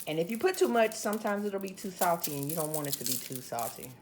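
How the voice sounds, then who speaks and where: A woman's voice: fairly low pitch, very animated, fast, background noise. A woman with a Southern US accent hosting a casual cooking video, chatting to viewers as she works. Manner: chatty, addresses viewers as y'all. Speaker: cooking channel host.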